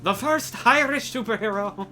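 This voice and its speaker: A man's voice: high voice, normal speed, sharp tone, soft background music. A man co-hosting a game stream, trading crude jokes in casual group banter. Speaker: stream co-host.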